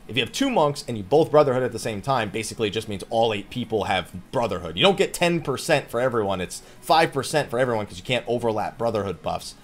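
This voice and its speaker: A man's voice: mid-range voice, animated, fast, few pauses. A man hosting a casual Q&A, reading viewer questions aloud and answering bluntly with jokes. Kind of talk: casual Q&A chat about a video game.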